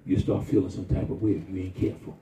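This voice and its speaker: An older man preaching a sermon in a colloquial, animated style with sudden high-pitched exclamations. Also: fast, a little hiss or hum. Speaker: pastor. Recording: echoey, distant, dull sound.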